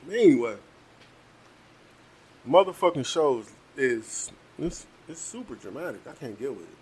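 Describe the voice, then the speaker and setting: A man's voice: medium pitch, very animated, unhurried, pauses often, darkish tone, a little hiss or hum. A man from Detroit hosting a casual solo podcast, talking bluntly and heatedly with lots of profanity while eating and drinking. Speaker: podcast host.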